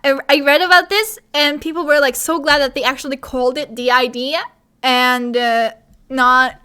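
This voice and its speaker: A woman's voice: high-pitched, fairly even intonation, normal speed, pushed and bright, clean tone. A young woman streamer chatting casually and jokingly, rambling between voiced lines. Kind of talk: casual commentary while dubbing a game.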